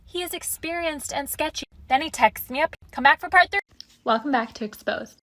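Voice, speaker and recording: A young woman with a slightly high voice tells a story straight to camera. She narrates in a chatty, animated way and reads out text messages as she goes. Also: brisk. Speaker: social media creator exposing cheaters.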